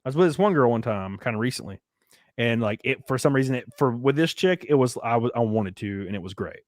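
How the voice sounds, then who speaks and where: A man's voice: medium pitch, animated, fast talker, no echo, clean studio sound. A young man hosting a podcast, talking crudely in a casual, rambling way with many restarts. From American South. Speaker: podcast host. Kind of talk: casual chat.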